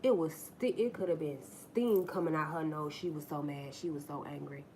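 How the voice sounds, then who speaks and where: A woman's voice: sits low, moderate pace, mellow, slight background noise. A woman hosting a casual livestream, telling stories straight to her viewers in a blunt, profane way and acting out the people in them, on a phone mic. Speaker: livestream host. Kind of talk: casual live-stream storytelling.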